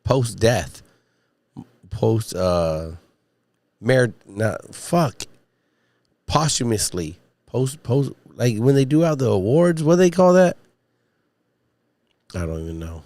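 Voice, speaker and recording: A man's voice: medium pitch, sing-song, slow, long pauses, darkish tone, no echo. A man hosting a casual solo livestream, rambling and swearing as he chats to viewers, his voice still worn from a recent illness. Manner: rambling, profane, chatting to viewers. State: recovering voice after illness. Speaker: podcast host. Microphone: studio mic with podcast mixer.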